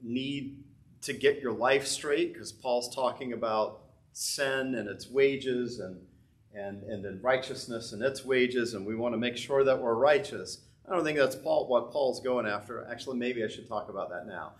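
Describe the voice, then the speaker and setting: A pastor talking through a sermon casually. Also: male voice, mid-range voice, normal speed. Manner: conversational, thinking aloud with frequent restarts.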